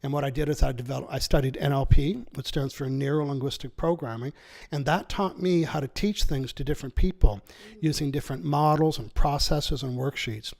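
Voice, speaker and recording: Gravelly, persuasive male author. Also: medium pitch, fairly quick. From Canada. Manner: energetic, persuasive, acts out quoted speech. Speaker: author and seminar speaker. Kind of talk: enthusiastic interview explanation.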